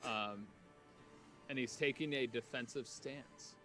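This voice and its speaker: Male player at a tabletop game, mid-range voice, quick and chatty, faint music behind. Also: medium pitch, bright, forceful tone. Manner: quick, chatty, describes his character's actions. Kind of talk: casual game talk.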